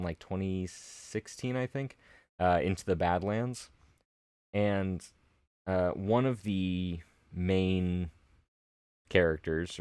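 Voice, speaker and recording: A man's voice: low-pitched, darkish tone, smooth, dry recording. A man co-hosting a podcast, telling rambling stories in casual chat. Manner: rambling, storytelling. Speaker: podcast co-host.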